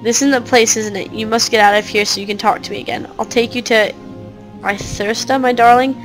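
Woman doing a scared little girl begging her cat to talk, kinda high voice. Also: steady tone, brisk, faint music behind, natural voice. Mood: pleading. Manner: pleading, anxious. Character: troubled young girl searching for her cat.

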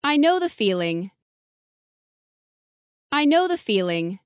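A woman's voice: a little high, big pitch swings, slow, clear, resonant tone, no room sound, clean studio sound. A woman reading short English phrases for learners, enunciating each one carefully and saying it twice. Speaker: English model reader.

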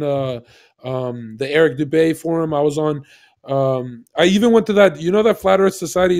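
A man's voice: fairly high pitch, darkish tone. A young man streamer telling stories in casual voice chat, brash and profane, rambling with lots of stumbling restarts.

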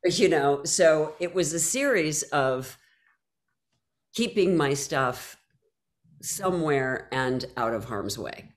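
Low-voiced woman telling lively stories. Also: slow. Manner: animated storyteller, acts out her own past reactions. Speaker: guest, author. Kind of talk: conversational interview. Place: home, by a mantelpiece.

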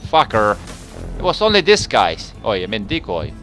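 A man giving live commentary while playing an online game, swinging between low muttering and loud outbursts, swearing and taunting opponents. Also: huge pitch swings, moderate pace, faint music behind. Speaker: gamer with facecam commentary.

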